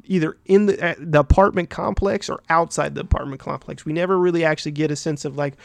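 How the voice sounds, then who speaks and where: A man with a fairly high voice talks through a film plot like a podcast host, rambling and swearing freely. He stacks up fillers and keeps checking in with "right?". The sound is dry and close, with no room around it. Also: steady tone, fast, gravelly, no echo. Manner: rambling, profane, heavy fillers and "right?" tags. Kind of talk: casual film recap.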